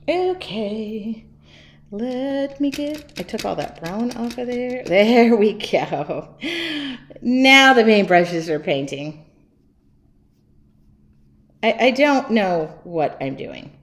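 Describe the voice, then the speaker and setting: Slow, chatty woman teaching painting. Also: medium pitch, big pitch swings. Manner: chatty, self-mocking, giggly. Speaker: art teacher. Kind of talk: live painting demo.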